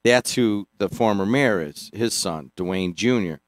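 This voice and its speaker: A middle-aged man hosting a radio sports talk show, teasing and joking in quick bursts with frequent restarts. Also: on the low side, no echo, studio quality. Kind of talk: casual radio banter. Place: radio studio. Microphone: studio microphone.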